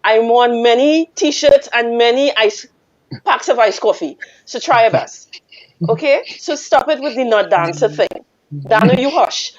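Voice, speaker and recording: A Trinidadian woman guest telling a teasing, animated story with frequent laughter. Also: on the high side, unhurried, muffled recording. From Trinidad and Tobago. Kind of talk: casual storytelling on a radio call-in.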